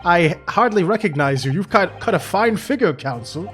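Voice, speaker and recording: A man voicing a courteous middle-aged professor speaking formally and fatherly to his daughter, in a high register for a man. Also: expressive, normal speed, fairly bright tone, faint music behind.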